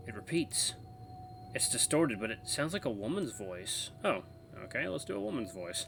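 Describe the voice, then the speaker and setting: A man hosts a let's play, chatting casually and animatedly while reading a visual novel's narration aloud with expression, laughing along the way. His gravelly voice sits at medium pitch and moderate pace, with a little hiss or hum present.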